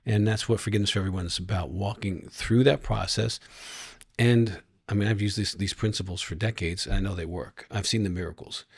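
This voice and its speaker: A middle-aged man speaks as a psychologist guest on a podcast, calm and sure of himself. His voice is low with a husky edge. The sound is dry and close. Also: brisk, no room sound. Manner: calm, confident counselor explaining with plain examples. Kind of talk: interview chat.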